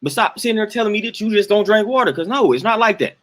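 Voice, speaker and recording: A man's voice: high-pitched, animated, fast talker, fairly bright tone. A young man hosting a live-stream rant, answering his chat and sounding exasperated and emphatic, often repeating himself for effect. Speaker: host ranting to live chat.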